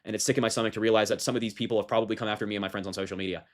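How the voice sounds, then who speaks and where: A man's voice: on the low side, steady tone, racing. A man reading a news story aloud and commenting on it with indignant, sarcastic emphasis. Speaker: political commentator.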